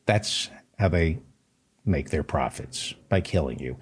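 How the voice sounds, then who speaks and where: A man delivering a political commentary monologue. His delivery is sarcastic and impassioned, rising to fiery peaks. His husky voice swings widely in pitch. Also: lively intonation, slow pace.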